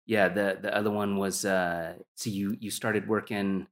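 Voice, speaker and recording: Deep-voiced man asking interview questions. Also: level tone, a little slow. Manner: prompting, brief backchannels.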